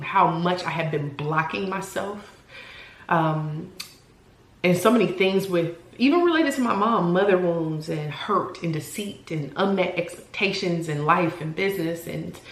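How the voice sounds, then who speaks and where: Earnest woman in her forties, lowish voice. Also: roomy sound. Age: 40s. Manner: earnest, heartfelt, searching for words. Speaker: vlogger. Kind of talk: candid personal vlog talk.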